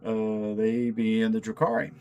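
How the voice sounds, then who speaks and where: A man's voice: fairly low pitch, completely flat delivery, moderate pace, dark tone, muffled recording, slight background noise. A man casually chatting while he assembles miniatures. He is laid-back and profane and laughs often. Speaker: channel host.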